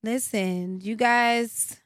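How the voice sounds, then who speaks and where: A woman's voice: fairly high pitch, steady tone, very slow, no room sound, clean studio sound. A woman co-hosting a podcast, talking in a laid-back, drawling casual chat and saying "y'all" and "child". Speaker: podcast co-host.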